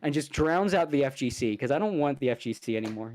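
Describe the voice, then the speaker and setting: A man on a casual podcast, ranting in an angry, profane, heated way with sudden fast bursts. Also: animated. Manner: fast bursts and sudden loud jumps in pitch. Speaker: podcast co-host.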